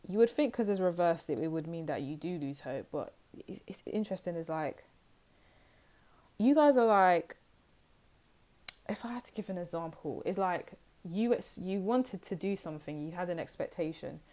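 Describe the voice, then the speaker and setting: A woman's voice: lowish voice, expressive, normal speed, a little mellow. A young woman from the United Kingdom giving a casual tarot reading, chatty and rambling, acting out little scenes as she explains. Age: young adult. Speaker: tarot reader.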